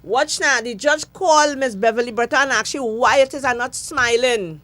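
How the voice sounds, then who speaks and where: Here a Trinidadian-accented, middle-aged interview guest from Trinidad and Tobago spins an animated story, laughing and stressing her words. Her voice is a little high and a bit bright, at a moderate pace.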